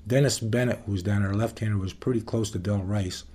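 A man being interviewed, telling stories from his years as a baseball pitcher in a relaxed, folksy way with some plain swearing. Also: brisk, slightly rough. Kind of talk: casual storytelling interview.

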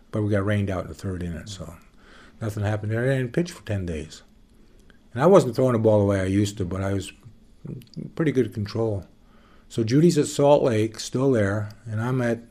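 A man being interviewed, telling stories from his years as a baseball pitcher in a relaxed, folksy way with some plain swearing. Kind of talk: casual storytelling interview.

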